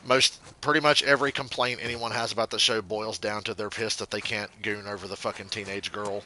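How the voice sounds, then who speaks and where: A man's voice: lowish voice, fairly even intonation, fairly quick, few pauses, pushed and bright. A man giving casual gameplay commentary, rambling and swearing freely, and getting heated as he goes. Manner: rambling, profane, gets heated. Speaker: let's play gamer.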